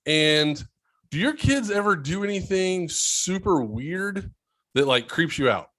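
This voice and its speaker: Young male podcast co-host, slightly high, bouncy voice, animated storyteller. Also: slow pace. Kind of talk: casual chat.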